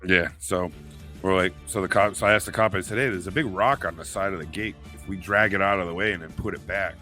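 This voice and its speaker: Here a man from New England co-hosts a podcast in a low, fast voice, soft music behind him. He tells his story casually, with energy, dramatizing the quotes.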